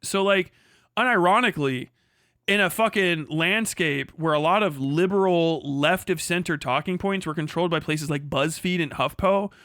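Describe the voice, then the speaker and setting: A man's voice: a little high, a bit bright, clean tone, dry recording, studio quality. A man hosting a livestream, ranting casually and sarcastically with constant swearing and mocking quoted voices. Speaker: livestream host. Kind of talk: casual rant.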